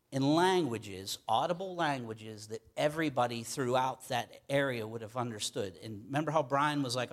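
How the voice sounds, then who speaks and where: A middle-aged man from Pittsburgh with a Pittsburgh accent, preaching a sermon in a conversational way and often checking in with "okay?". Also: medium pitch. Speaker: pastor.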